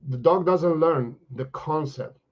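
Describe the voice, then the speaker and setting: In a live-stream Q&A, a dog trainer with a somewhat high voice responds to viewers, chatty and unhurried, leaning on "you know," "right?", and repeated words. The sound is muffled.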